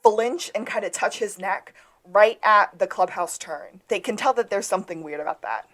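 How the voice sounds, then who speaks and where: A woman's voice: mid-range voice, lively intonation, normal speed, a bit bright. Woman casually recapping a TV episode. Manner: retells scenes, acting out quoted lines. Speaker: podcast co-host.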